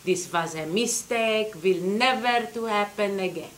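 A woman's voice: medium pitch, unhurried, natural voice, low-quality recording. A woman doing a tiny stern Hungarian grandma. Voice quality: thick accent, broken English. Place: theater stage. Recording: loud background noise, live theater.

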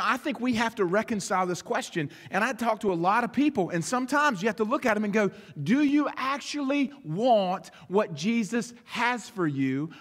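A man delivers a sermon in a lively preaching manner, slipping into little voices for the people in his examples. His voice sits high for a man. The sound carries a long hall reverb. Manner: animated preaching, acting out dialogue. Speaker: pastor.

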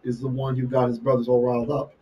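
A man's voice: medium pitch, monotone, fast, recorded from a distance, dull audio. A man teaching a live online Bible lesson, reading Hebrew verses and translating them line by line, often checking in with "right?". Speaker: Torah teacher.

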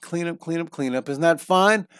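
A man's voice: a little high, moderate pace, fairly bright tone, smooth, dry recording. Male art teacher, middle-aged, cheerful and encouraging, rambling restarts, tenor-ish, dry close mic. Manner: upbeat, encouraging, thinks aloud with many restarts. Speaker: drawing teacher. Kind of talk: live online drawing lesson.

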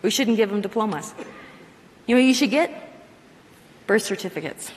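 A middle-aged woman preaching a sermon to a live congregation, animated, acting out her own prayers in quoted asides. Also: medium pitch, normal speed, noisy background. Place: large hall with live audience. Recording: long hall reverb.

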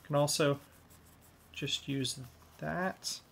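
A man's voice: on the high side, fairly even intonation, very slow, creaky, fairly bright tone, a little hiss or hum. Laid-back man explaining hobby steps. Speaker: model kit hobbyist. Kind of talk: hobby tutorial.

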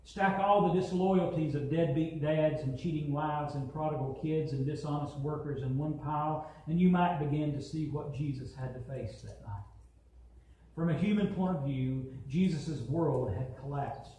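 A man's voice: a little high, moderate pace, dark tone, slight background noise. A man preaching a sermon as pastor, building emphasis and acting out quotes. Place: church sanctuary. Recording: very echoey hall, from far off.

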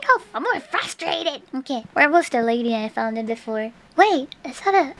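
A woman's voice: high voice, lively intonation, moderate pace, few pauses, a bit bright, slight background noise. A young woman streaming a horror game, jumping between whispers and shrieks and dropping Japanese words into her talk. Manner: jumpy, swings from whispers to shrieks. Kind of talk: live gameplay commentary.

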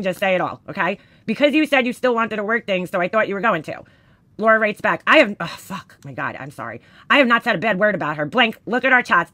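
A woman's voice: mid-range voice, bright, forceful tone, no room sound. A woman hosting a casual drama commentary, reading screenshots of texts aloud with blunt, profane, sarcastic asides.

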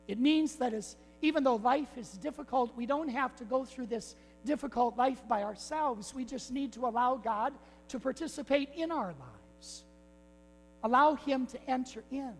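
A man's voice: very high-pitched, moderate pace. A man, a priest, preaching a sermon with repeated rhetorical phrases and calls to "my friends". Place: church. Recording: long church reverb with faint mains hum.

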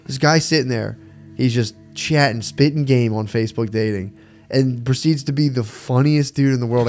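A man's voice: medium pitch, moderate pace, soft background music. A man co-hosting a podcast, telling a crude story in a laid-back, slangy way and laughing often. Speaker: podcast co-host.

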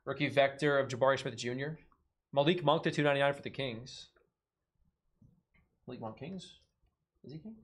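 A man's voice: mid-range voice, normal speed, pauses often. Man joking through a live card break. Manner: joking, rattles off card names.

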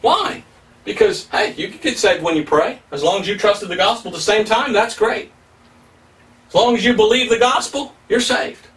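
A man's voice: sits high, moderate pace, fairly bright tone, distant mic. A male pastor preaching a sermon, emphatic and plain-spoken, asking rhetorical questions as he teaches.

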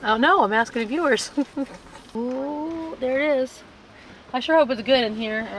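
A woman's voice: high-pitched, unhurried, slight background noise. A woman vlogging with a handheld camera in a costume store, chatty and giggly, a little congested in the chest. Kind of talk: casual chat. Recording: crowded store chatter behind.

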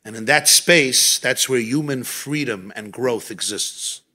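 A rabbi speaks at a farbrengen held in someone's home, telling stories and teaching with Yiddish and Hebrew phrases woven throughout. His voice is medium-pitched, slightly rough and a bit slow, and his delivery is animated.

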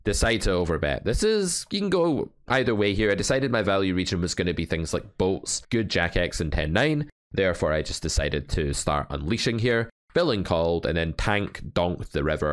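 A man from England reviewing poker hands as a coach, talking in a wry, animated way with joking asides. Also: deep voice, moderate pace. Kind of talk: hand review commentary.

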